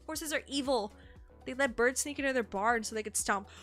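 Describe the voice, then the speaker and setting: Bright-voiced young woman streamer. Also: normal speed, soft background music. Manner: shocked exclamations, frequent swearing; reads entries aloud in a lower, calmer tone. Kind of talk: live-stream reaction and reading aloud.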